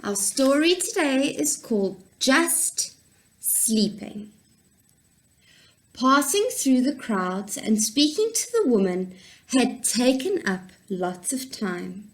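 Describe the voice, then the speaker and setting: Slow-talking woman teacher reading to children. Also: high-pitched, sing-song, low-quality recording. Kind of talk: reading a Bible story to children.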